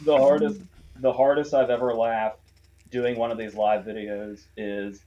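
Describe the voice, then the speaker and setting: A man's voice: medium pitch, fairly even intonation, unhurried, warm tone, lo-fi sound. A man co-hosting a casual online chat show, joking and laughing often. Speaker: podcast co-host.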